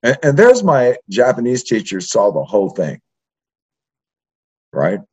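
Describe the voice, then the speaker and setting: With a mid-range, breathy-edged voice and a slightly slow pace, an older man recounts profane stories from his youth in a casual interview. He's a history professor from East Los Angeles, animated and forever adding "right?", captured in dull lo-fi sound.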